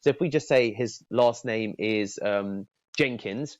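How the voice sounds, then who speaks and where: A man giving a casual sales training talk, stumbling over repeated words and acting out breezy phone lines. His voice sits at a middle pitch. It is recorded dry and a little dull, like a lo-fi room mic. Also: a little slow, a little mellow, no echo. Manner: repeats words, acts out friendly phone openers in a lifted voice.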